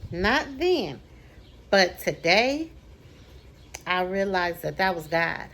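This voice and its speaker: A woman vlogger telling a personal story in a casual way. She repeats phrases for effect and slows down to stress key words. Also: lowish voice, expressive, fairly bright tone.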